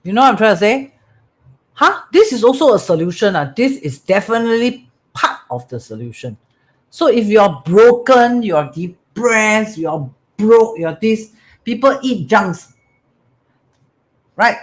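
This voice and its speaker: Sing-song and high, the man's voice carries a Singaporean English accent as he gives a motivational talk at a measured pace. He is a metaphysics teacher who repeats phrases and frequently asks "right?" and "correct?".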